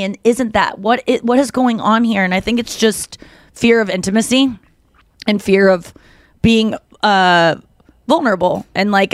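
A woman hosts a podcast in easy casual chat. She tells her stories in a rambling, animated way, full of fillers and restarts. Her voice sits at a middle pitch and sounds dry and close. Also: dry recording. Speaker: podcast host.

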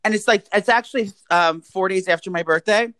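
A man's voice: high voice, a little fast, fairly bright tone, no echo. A young man co-hosting a podcast, campy and crude, rambling in casual chat. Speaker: podcast co-host.

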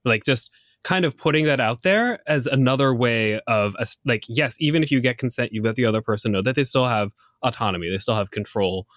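A man's voice: medium pitch, brisk, a bit bright, no room sound, clean studio sound. A man co-hosting a podcast, chatting in a playful, nerdy, rambling way. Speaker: podcast co-host. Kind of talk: casual educational chat.

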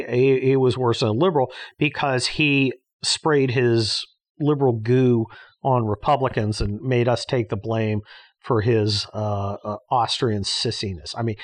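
A man hosting his own podcast, holding forth alone in a blunt, sarcastic rant. He swears freely and trips over his own sentences, restarting them as he pushes his point. His pitch sits in the middle for a man. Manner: blunt, sarcastic, profane ranting with frequent restarts. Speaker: podcast host. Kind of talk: casual monologue.

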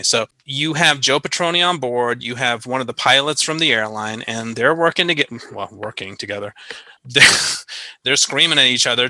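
A man's voice: medium pitch, pushed and bright, no room sound, poor audio. A man hosting a podcast in casual chat, playful and mock-serious, often laughing. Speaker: podcast host.

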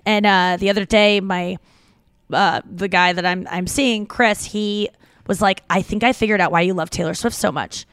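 A woman's voice: medium pitch, steady tone, normal speed, a bit bright, smooth, no room sound. Chatty woman podcast host, dry sound. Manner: chatty, rambling, gushing. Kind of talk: casual podcast chat.

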